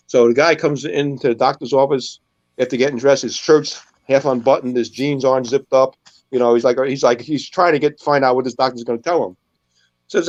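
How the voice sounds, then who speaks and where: A man's voice: medium pitch, fairly even intonation, a little fast. Man telling jokes, slightly muffled sound. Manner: storyteller who acts out the characters' lines. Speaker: co-host. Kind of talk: telling jokes on a web show.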